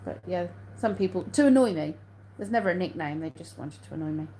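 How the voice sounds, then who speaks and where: Mellow-voiced English woman chatting on a live stream. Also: lowish voice, lively intonation, a little fast, a little hiss or hum, low-quality recording. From England. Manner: chatty, reads out viewer comments and answers them, laughs often. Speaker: vlogger hosting a live stream. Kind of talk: casual live-stream chat. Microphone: phone.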